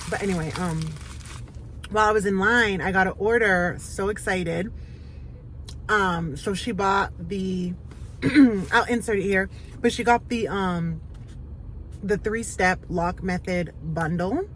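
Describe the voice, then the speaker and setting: A woman talks casually through her day for a small business vlog. Her voice sits at a middling pitch, upbeat and rambling, with frequent fillers. A faint hiss runs under the recording. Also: low-quality recording. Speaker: small business owner vlogging.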